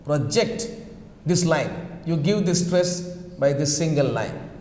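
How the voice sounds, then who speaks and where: A man with a high voice lectures as a teacher, explaining slowly and repeating himself, tagging his points with "okay" and "right". The sound is echoey, with a long reverb trailing his words. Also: animated, a little mellow. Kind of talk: online English lecture.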